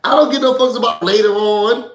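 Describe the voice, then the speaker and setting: A man's voice: very high-pitched, fairly even intonation, brisk, reverberant. A man hosting a live reality-show recap, ranting heatedly with lots of profanity. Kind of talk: live stream rant.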